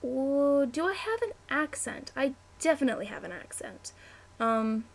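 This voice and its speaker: A woman's voice: high-pitched, sing-song, measured pace, creaky. A chatty young woman, answering a word-list meme on webcam, easily distracted and full of "like" and "um". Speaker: vlogger.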